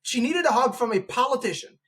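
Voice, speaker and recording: A man's voice: very high voice, lively intonation, a little fast, fairly bright tone. A man hosting a podcast interview who delivers a long opinionated argument, rambling with frequent restarts and acting out quoted voices. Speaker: podcast host. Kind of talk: opinionated conversational monologue.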